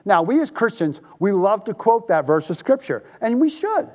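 A male pastor preaching a sermon, animated and drawing the congregation to answer back. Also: sits high, moderate pace, hardly any pauses.

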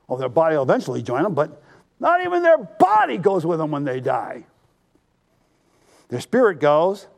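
A male pastor preaching a sermon, animated and drawing the congregation to answer back. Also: sits high, gravelly.

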